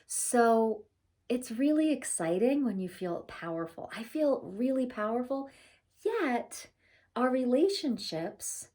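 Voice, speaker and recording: A woman's voice: medium pitch, mellow. A woman in her forties talking casually to camera as a spiritual vlogger, chatty and laughing often, with many fillers.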